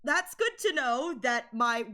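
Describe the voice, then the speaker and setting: A woman's voice: high-pitched, animated, slow pace, pushed and bright. A woman streamer in casual live-stream chat, emotional and tearful, laughing as she thanks viewers.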